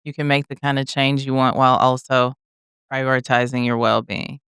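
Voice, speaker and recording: A woman's voice: a bass voice, flat delivery, normal speed, fairly bright tone, smooth, dry recording, clean studio sound. A middle-aged woman speaking as a guest in a casual conversation, candid, emphatic and reflective.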